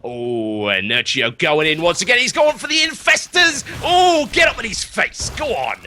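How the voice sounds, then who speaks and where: A man putting on a Cockney accent, playing a cheeky, excitable man egging on a fight. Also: high voice, normal speed, slight background noise, exaggerated voice. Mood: cheeky excited. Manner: excitable, cheeky, shouting encouragement.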